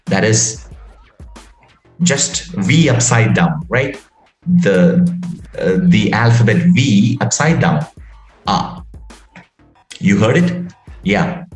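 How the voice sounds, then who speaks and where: A man's voice: lowish voice, very animated, slow, pauses often, roomy sound, faint music behind. A man teaching English vowel sounds, drawing out and exaggerating each sound as he demonstrates it. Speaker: pronunciation teacher. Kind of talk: spoken English lesson.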